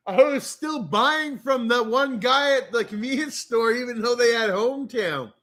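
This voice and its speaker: A man's voice: very high-pitched, unhurried, a bit bright. A man with a Canadian accent telling a long, rambling story in a casual rant, swearing often and talking with a lot of animation. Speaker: streamer.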